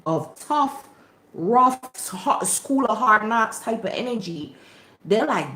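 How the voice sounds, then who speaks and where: A woman spiritual reader in casual chat to camera, animated and slangy, with preachy asides. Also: fairly high pitch, slow. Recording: echoey room.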